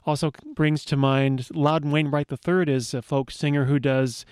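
A man's voice: fairly high pitch, fairly even intonation, moderate pace, darkish tone, clean tone, dry recording, studio quality. A man hosting a radio show, chatting casually with wry asides between news items and songs.

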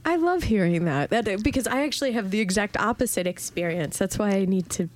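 A woman's voice: medium pitch, animated, a little fast, no room sound. A woman hosting an interview, eager and rambling, often restarting her questions. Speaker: interviewer host. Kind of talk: conversational interview.

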